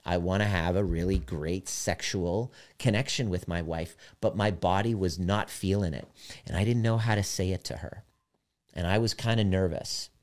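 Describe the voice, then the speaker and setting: A man coaching on relationships in a candid, profane monologue, dropping softer when he retells conversations. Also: fairly low pitch. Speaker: personal development coach. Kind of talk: casual monologue.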